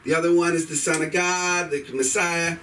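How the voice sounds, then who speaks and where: High, bright-voiced man doing profane stand-up. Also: steady tone, moderate pace, recorded from a distance, a little hiss or hum, poor audio. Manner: rambling, irreverent, profane delivery. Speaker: stand-up comedian. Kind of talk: open mic stand-up set. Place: comedy club stage.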